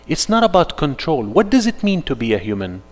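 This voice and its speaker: Animated male religious teacher, reverberant hall. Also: on the high side, a little fast. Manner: animated, fires rhetorical questions at audience. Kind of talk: interactive religious workshop talk.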